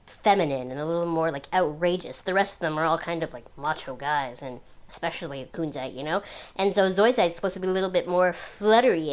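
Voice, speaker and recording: A woman talking casually in an opinion vlog, chatty and gushing, with lots of fillers. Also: medium pitch. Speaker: video blogger.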